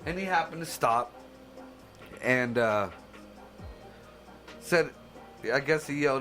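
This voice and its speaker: A man hosting a show, ranting casually, swearing constantly, laughing and bursting into loud shouts. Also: medium pitch, animated, moderate pace, pauses often, soft background music. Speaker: podcast host. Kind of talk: profane casual rant.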